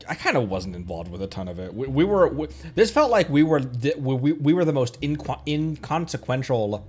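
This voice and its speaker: A man's voice: mid-range voice, sing-song, brisk, few pauses, a little mellow, slightly rough. A man streaming a video game, joking and rambling in casual commentary, often correcting himself. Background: game music.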